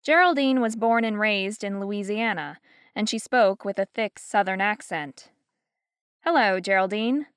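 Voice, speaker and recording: A woman narrating an audiobook in an even, measured storytelling manner, close to a studio microphone. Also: medium pitch, clean tone, no echo. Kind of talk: scripted narration. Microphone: close studio mic.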